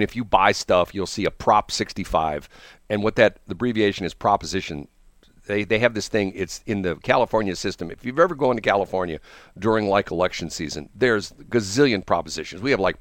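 A man's voice: fairly low pitch, fairly quick, no echo, clean studio sound. A man hosting a radio morning show, telling a rambling story on air and acting out the people in it. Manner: animated, acts out quoted people. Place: radio studio.

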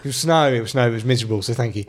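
A man's voice: medium pitch, rapid-fire, breathy edge. A man in his thirties co-hosting a podcast, telling stories in a casual, sweary, laughing way. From England. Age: 30s. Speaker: podcast co-host. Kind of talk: casual chat.

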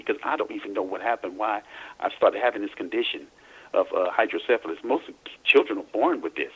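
A middle-aged man, a guest author, recounting his experiences in a halting way, repeating words as he searches for them. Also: on the low side, lively intonation, fairly bright tone, breathy edge, poor audio. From Louisiana, US. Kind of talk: casual interview, recounting personal experiences.

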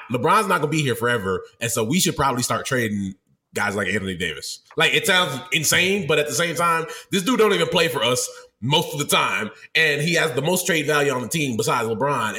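A man in casual sports chat on a podcast, with a bright, sharp voice. He reacts emphatically and with animation. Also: mid-range voice. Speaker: weekly podcast regular.

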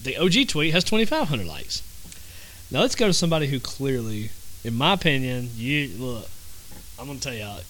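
A man's voice: medium pitch, big pitch swings, normal speed, a bit bright, slight background noise, low-quality recording. A man with a Southern American accent hosting a podcast in a casual, rambling monologue, repeating himself and using lots of fillers. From Southern United States. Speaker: podcast host.

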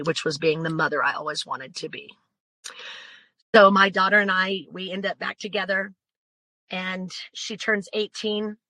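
A woman's voice: on the low side, sharp tone, dry recording, rough recording. A woman as an interview guest telling a personal story in an earnest, emphatic way.

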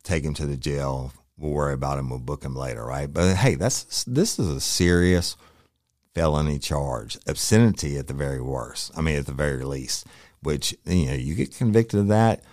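A rumbling, extremely low male voice, spinning a cop story in a loose, rambling way. He swears freely and acts out the lines of the people in it. The sound is close and dry, with no room around it. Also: animated, moderate pace, a little mellow, dry recording. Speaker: police officer telling a war story. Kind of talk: casual spoken storytelling.

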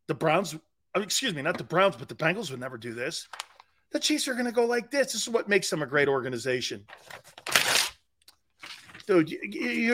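A man's voice: a little high, a bit bright. A man hosting a sports radio show, talking in a rambling, jokey monologue, laughing often and slipping into silly voices. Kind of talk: animated sports talk monologue.

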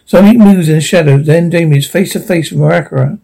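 A man's voice: fairly high pitch, fast, vocal fry, warm tone, poor audio. A man reading a drama script aloud, giving stage directions in a plain, matter-of-fact way. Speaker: reader.

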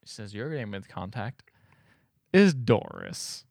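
A man's voice: fairly low pitch, sing-song, slow pace, a little mellow, dry recording, clean studio sound. A man co-hosting a podcast, casually retelling a movie plot and acting out the characters' lines. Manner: rambling storyteller who acts out lines. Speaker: podcast co-host. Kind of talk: casual chat, recapping a movie.

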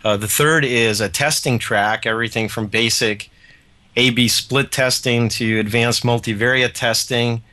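A man interviewed as a radio guest, chairing a conference, brisk and self-deprecating as he lists his points. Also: medium pitch, steady tone, sharp tone.

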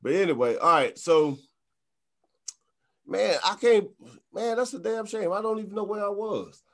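A man's voice: high voice, normal speed. A young man hosting a casual podcast, talking in slang, swearing and laughing easily. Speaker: podcast host.

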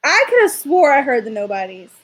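A young woman chatting casually with a friend, her voice husky and breathy. Her high pitch swings widely as she talks, and she often trails off and starts her sentences over. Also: very animated, fairly quick, low-quality recording. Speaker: podcast co-host. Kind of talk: casual chat.

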